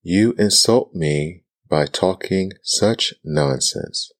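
A man's voice: sits low, slow. A man voicing a proud, easily offended male mouse in a whispered role-play, stiff and severe. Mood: indignant.

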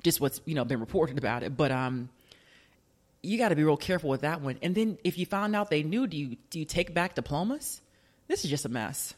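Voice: medium pitch, lively intonation, a little fast. Chatty, joking radio show host. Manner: chatty, joking, full of rhetorical questions. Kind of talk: casual talk radio commentary.

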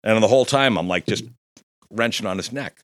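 Low-voiced man telling a profane story. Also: brisk, dry recording, clean studio sound. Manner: profane, laughing, animated storytelling. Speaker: guest storyteller. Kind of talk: casual storytelling chat.

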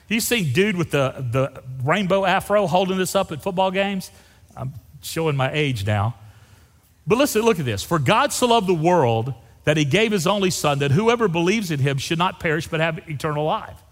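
A middle-aged man, an interim pastor preaching a folksy, animated sermon and joking with the congregation. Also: fairly high pitch, in a large hall.

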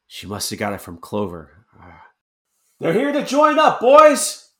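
A man's voice: low voice, level tone, a little fast, breathy edge, pitched below the performer's own voice. Man voicing a wary halfling soldier. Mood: eager. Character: suspicious ragged male halfling soldier.

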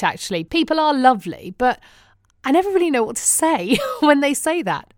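A British woman from England, now living in Phoenix, Arizona, vlogs casually to her viewers in a wry, self-mocking way and laughs often. Her voice sits high and is very animated, at a normal speed, with no echo and studio-quality sound.

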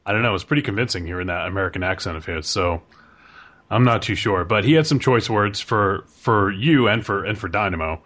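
A man hosting a podcast, chatting in a relaxed, hesitant way. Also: lowish voice, brisk. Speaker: podcast host. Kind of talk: casual chat.

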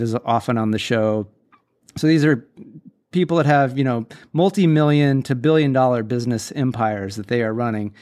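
A man's voice: mid-range voice, darkish tone. A man in his forties hosting a casual solo podcast, speaking candidly and bluntly with firm opinions. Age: 40s. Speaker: podcast host.

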